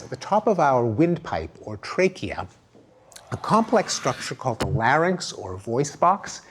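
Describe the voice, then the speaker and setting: A man's voice: a little high, slight background noise. A middle-aged man giving a recorded academic lecture, explaining ideas and demonstrating sounds aloud with emphatic intonation.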